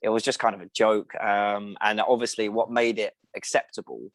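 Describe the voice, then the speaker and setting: Young man, actor guest, low voice, dry close sound, animated storytelling. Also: moderate pace, no echo. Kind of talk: casual interview chat.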